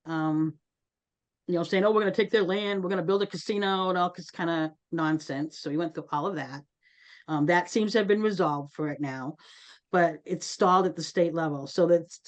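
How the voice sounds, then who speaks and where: A woman's voice: on the low side, a little mellow. A woman hosting an online community meeting, talking earnestly and conversationally and calling on participants. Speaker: host.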